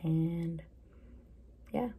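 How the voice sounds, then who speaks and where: A woman recording a tender personal video message for a friend, hesitant and gentle, pausing often. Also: lowish voice, slightly rough, phone-quality sound. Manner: tender, hesitant, many pauses and ums.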